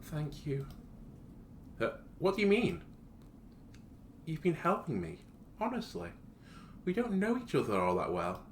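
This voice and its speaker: A man voicing a timid, tearful teenage schoolgirl who is trying to be brave, speaking softly and hesitantly, in an echoey room. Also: a little high, wildly swooping pitch, unhurried, long pauses, slight background noise, voice pushed up, full character voice. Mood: soft pleading.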